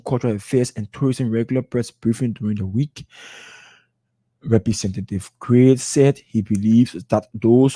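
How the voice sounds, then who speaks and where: A man reads news reports as an anchor, steady with a few stumbles over names. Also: medium pitch, no echo. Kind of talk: scripted news reading.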